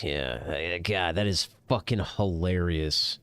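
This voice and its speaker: Male streamer, middle-aged, profane rambling talk, smooth voice, dry close mic. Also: mid-range voice, sing-song, a little slow, no echo. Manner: profane, rambling, gets heated. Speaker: gaming streamer. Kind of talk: casual rant over gameplay.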